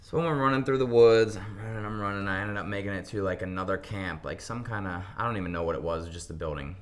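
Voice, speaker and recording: Talking fast in a fairly low voice, this young Pennsylvanian guest recounts his story during an interview. His delivery is relaxed and lively, and he performs other people's lines as he quotes them.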